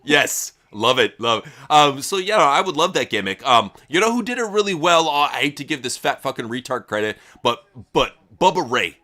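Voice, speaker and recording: A man hosting a live reaction stream in a bright, sharp voice that swings up and down a lot. He talks crudely and mockingly and swears constantly. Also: medium pitch, sing-song, normal speed, hardly any pauses. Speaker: host. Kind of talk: casual chat, live reaction.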